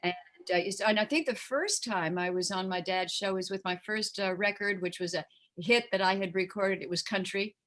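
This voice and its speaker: A woman's voice: medium pitch, normal speed, a bit bright. An older woman chatting as an interview guest, rambling with many fillers and slipping into voices when she quotes people. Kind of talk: casual chat.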